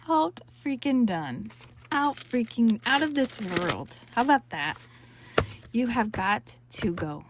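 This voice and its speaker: A woman's voice: a little high, expressive, unhurried. A woman hosting a crafting vlog, gushing over a new kit and sometimes dropping to a whisper. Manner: gushing, breathless, drops into whispers. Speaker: crafting channel host. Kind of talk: excited unboxing vlog.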